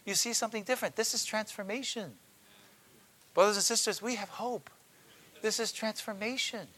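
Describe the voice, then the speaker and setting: A man's voice: high-pitched, normal speed, a bit bright, breathy edge. A man preaching a sermon to a congregation, repeating key phrases for emphasis.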